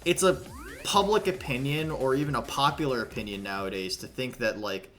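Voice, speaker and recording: A man's voice: medium pitch, fairly quick, fairly bright tone. A man streaming a game, chatting casually in a rambling, profane way with lots of fillers. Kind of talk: casual livestream chat. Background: game music.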